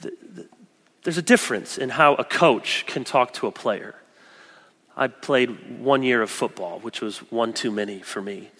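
A man preaching a sermon, earnest, moving between loud emphasis and soft, close asides. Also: mid-range voice, normal speed, long reverb tail. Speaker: pastor.

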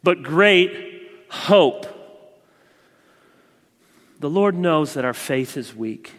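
A man in his thirties preaching a sermon, swinging between loud proclaiming and quiet, confiding asides. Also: on the high side, lively intonation, very slow, in a large hall. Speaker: pastor.

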